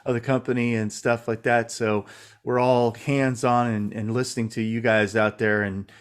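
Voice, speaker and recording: A man's voice: mid-range voice, flat delivery, normal speed, clean tone. A man in the middle of his range hosts a casual chat with customers over a video call. He rambles in a friendly way and often repeats words as he finds his phrasing. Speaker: company host interviewer.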